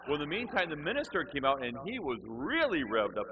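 A man's voice: a little high, a little fast, hardly any pauses. A man telling a humorous personal faith story, self-deprecating and acting out the people in it. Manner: animated, self-deprecating, acts out voices. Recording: muffled with faint hum.

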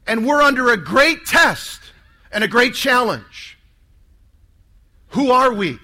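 A man's voice: very high-pitched, lively intonation, slow, pauses often, bright, forceful tone. A man preaching a sermon to a live audience, emphatic and calling for responses.

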